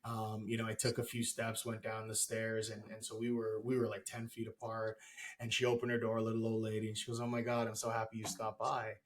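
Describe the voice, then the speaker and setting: A man hosting a podcast, telling stories in a lively way with stammered restarts. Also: fairly low pitch, fairly quick, a little hiss or hum. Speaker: podcast host. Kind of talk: casual interview chat.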